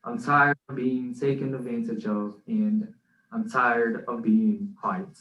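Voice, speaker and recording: A male podcast co-host and spoken word poet slowly recites his own poem, earnest and rhythmic, with little pitch movement at medium pitch. The recording is lo-fi and echoey, with background noise and the mic far away.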